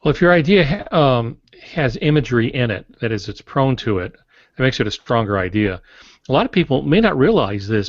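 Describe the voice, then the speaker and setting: A man's voice: mid-range voice, no echo, muffled recording. Guy on a writing podcast telling anecdotes, dry close sound. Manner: explanatory storytelling, some hesitations. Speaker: podcast co-host. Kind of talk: casual writing podcast chat.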